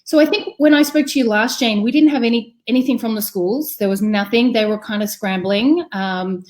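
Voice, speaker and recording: On a relaxed video call, this guest, a critical care nurse and mom in her thirties, recounts stories with lively energy and acts out what people said. She speaks fairly quickly in a fairly high voice.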